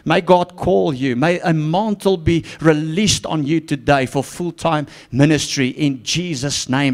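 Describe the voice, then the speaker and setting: Male pastor, slightly high voice, fervent church sermon with hushed and shouted passages. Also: measured pace, hardly any pauses. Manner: fervent, swinging from hushed to shouted, repeating phrases. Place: church before a congregation.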